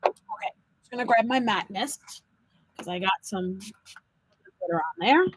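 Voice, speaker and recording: A woman hosting a live card-making demo, chatting with viewers and talking them through each step as an animated storyteller. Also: medium pitch, unhurried, background noise. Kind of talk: live crafting demo chat.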